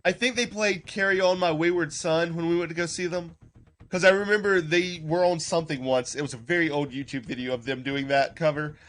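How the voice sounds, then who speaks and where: A male livestream host with a fairly high voice reacts to a clip in loose, casual commentary. He rambles, leans on "like" constantly and breaks into quick laughs. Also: fairly even intonation, fairly bright tone. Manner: rambling, heavy use of "like", laughs often, greets chat.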